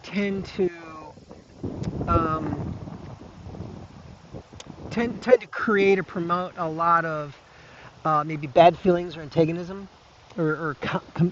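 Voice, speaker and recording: A man giving an earnest, reflective monologue to camera, speaking haltingly with many restarts and fillers and an occasional soft laugh. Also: on the high side, lo-fi sound, slight background noise. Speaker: video blogger.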